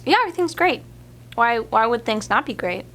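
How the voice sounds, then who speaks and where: High, bright exasperated woman. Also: animated, brisk, slight background noise. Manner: nagging, exasperated questioning. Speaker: office coworker in a skit. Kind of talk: mockumentary comedy acting. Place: office.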